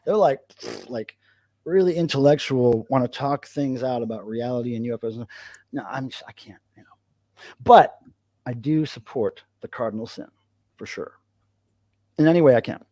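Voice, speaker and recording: An American man hosting a casual livestream, rambling and animated as he chats with a co-host. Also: mid-range voice, normal speed, pauses often, dry recording. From United States. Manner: rambling, animated, talks to his cat in a soft baby voice. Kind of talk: casual live-stream chat.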